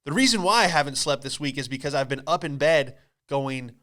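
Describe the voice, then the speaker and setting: A man hosting a comedy podcast, telling a story in an animated, profane, exclamatory way. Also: medium pitch, fairly quick.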